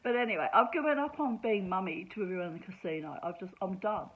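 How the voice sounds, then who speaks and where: A woman's voice: mid-range voice, fast, husky, phone-quality sound. A woman telling a personal story in a casual monologue, chatty and sarcastic, laughing often. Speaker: vlogger.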